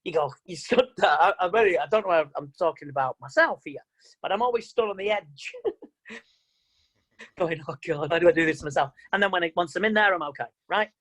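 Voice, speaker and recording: A man giving an online mind-coaching talk, chatty and animated, acting out what people say. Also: sits high, a little fast, low-quality recording. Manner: animated, chatty, quotes people in mock voices. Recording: video call audio.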